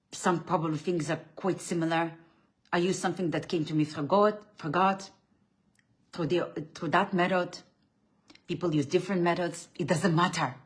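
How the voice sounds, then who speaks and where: A woman acting as a spiritual coach gives a blunt, preachy talk about faith. She swings between loud, emphatic bursts and low, quiet lines, frequently restarting and repeating words.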